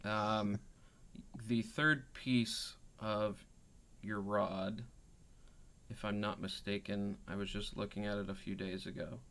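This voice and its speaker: Slow, bright-voiced game master. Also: male voice, on the low side, little pitch movement. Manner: halting, with many fillers. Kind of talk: narrating a tabletop game.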